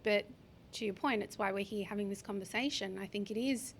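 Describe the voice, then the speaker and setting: A woman in her forties talks as a podcast guest, candid and heartfelt, sometimes slowing down to choose her words. She has a mid-range voice, and faint noise sits under her speech. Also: mid-range voice. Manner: open, heartfelt, speaks slowly in places, occasional swearing. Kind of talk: candid interview conversation.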